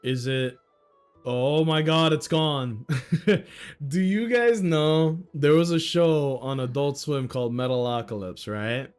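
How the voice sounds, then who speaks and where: A man's voice: on the high side, slow, clean tone, faint music behind. A man livestreaming a story game, chatting casually in laid-back slang and laughing easily. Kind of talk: casual game stream reaction.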